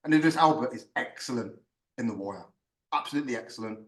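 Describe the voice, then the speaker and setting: A man's voice: medium pitch, fast. Ranting man, echoey and distant. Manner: animated, swearing, ranting. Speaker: podcast host. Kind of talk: casual ranting chat. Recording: echoey room, far from mic.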